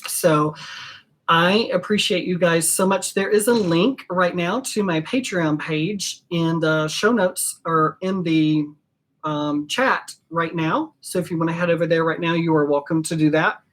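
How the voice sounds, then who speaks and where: A woman with a low voice speaks slowly and unhurriedly as she closes out her live stream. She talks from the heart and pauses often, filling the gaps with ums. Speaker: host of a perfumery channel. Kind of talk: casual live-stream sign-off.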